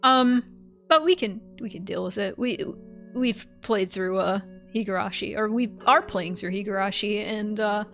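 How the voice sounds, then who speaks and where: A woman livestreaming a game and chatting casually, animated, laughing often and swearing freely. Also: mid-range voice, normal speed, gravelly, faint music behind. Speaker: streamer.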